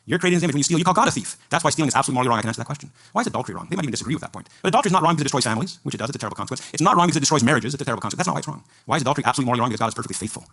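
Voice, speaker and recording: A man giving a fervent debate speech to an audience at a live event, preaching in rapid-fire bursts. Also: medium pitch, animated, a bit bright.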